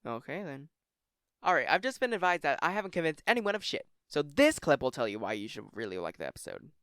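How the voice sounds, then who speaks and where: A man's voice: fairly high pitch, very animated, fast, fairly bright tone, clear, resonant tone, no echo. A young man hosting a casual countdown video, rambling and jokey, swearing now and then. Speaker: YouTube list host.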